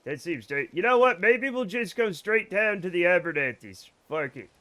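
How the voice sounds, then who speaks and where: A man's voice: sits high, lively intonation, moderate pace, bright, forceful tone. Rambling joking man streaming a game. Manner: rambling, joking, swears freely. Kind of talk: casual let's-play chat with viewers.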